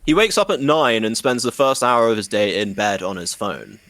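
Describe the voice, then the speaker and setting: A man's voice: on the low side, expressive, normal speed, a bit bright. A man co-hosting a podcast in casual comedic chat, swearing freely and slipping into mock voices. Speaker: podcast co-host.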